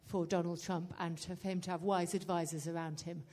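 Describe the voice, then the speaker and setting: A woman's voice: lowish voice, level tone, fairly quick, darkish tone. A woman sharing her news in a casual chat, hesitant, with many fillers and restarts.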